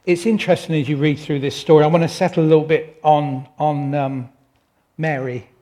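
A middle-aged man preaching a sermon, reflective and unhurried, with wry self-deprecating asides. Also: a little high, steady tone, warm tone.

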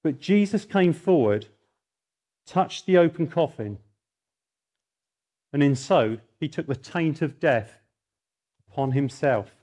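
A middle-aged man preaching a sermon, telling stories in a lively way and rising into mock outrage. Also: a little high, takes it slowly, pauses often.

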